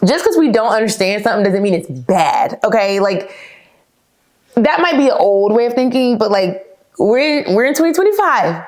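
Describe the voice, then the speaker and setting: A woman's voice: fairly high pitch, sing-song, normal speed. A young woman, hosting a podcast and telling her own story in a candid, chatty way, calling her listeners "y'all.". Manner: laughs now and then, frequent fillers like "like". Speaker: podcast host. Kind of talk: casual personal storytelling.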